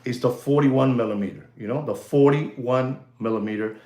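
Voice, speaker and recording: This mid-range voice at normal speed belongs to a watch dealer and market commentator casually covering watches and the gold market. He rambles, repeats lines, says "you know" constantly, slips into Spanish slang, and jokes with and hypes his "ladies and gentlemen". The recording has a roomy echo.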